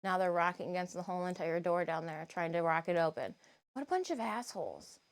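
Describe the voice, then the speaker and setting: A woman's voice: lowish voice, animated, a little fast. A woman live streaming, chatting casually, greeting viewers by name and grumbling about her cats.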